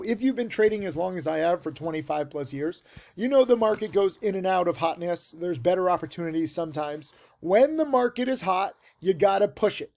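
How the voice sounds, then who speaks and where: High, gravelly-voiced man rambling about trading. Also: a little mellow. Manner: rambling, filler-heavy, emphatic. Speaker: stock trading teacher. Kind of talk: casual video monologue. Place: tent outdoors.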